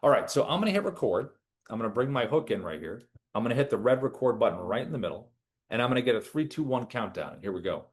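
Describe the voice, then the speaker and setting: A man giving a relaxed, chatty software tutorial as a product trainer. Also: mid-range voice, fast. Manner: relaxed, chatty, with lively ups and downs. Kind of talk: casual screen-share tutorial.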